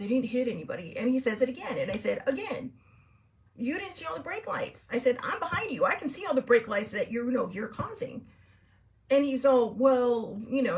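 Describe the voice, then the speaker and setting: Chatty middle-aged woman, fairly high voice. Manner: chatty, laughs often, rambling with fillers and restarts; acts out both sides of a quarrel in raised tones. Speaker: host. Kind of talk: casual storytelling to a live chat.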